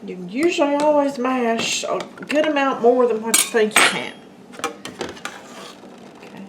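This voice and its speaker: This woman's fairly high, expressive voice moves a little slowly as she casually hosts a home cooking video from her kitchen, calling her viewers guys and folks. The echoey room is heavily noisy, with dishes and utensils clinking in the background.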